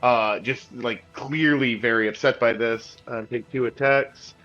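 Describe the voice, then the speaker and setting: A man's voice: mid-range voice, steady tone, a little slow, a bit bright, muffled recording, faint music behind. A man narrating as game master of a tabletop game, with a loose descriptive style full of "like" fillers.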